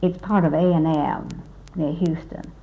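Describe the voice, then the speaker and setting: A woman's voice: sits low, fairly even intonation, unhurried, creaky, warm tone, poor audio. An older woman from South Texas, rambling through memories in a recorded interview, quoting what others told her and correcting herself often. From South Texas, USA. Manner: rambling storyteller, quoting others, many restarts. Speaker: oral history interviewee. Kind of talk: recorded reminiscence.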